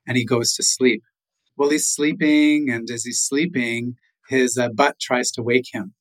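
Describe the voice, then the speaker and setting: Middle-aged man from Canada, relaxed oral storyteller with asides and chuckles, mid-range voice. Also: medium pitch, poor audio. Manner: unhurried, with chuckles and "you know" asides. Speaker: guest storyteller.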